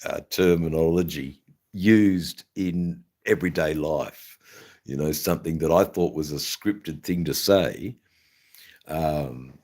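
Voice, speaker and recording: A man with an Australian accent and a bass voice hosts a casual livestream chat on his channel. He speaks at a slow pace with a darkish tone, rambling with many hesitations and fillers.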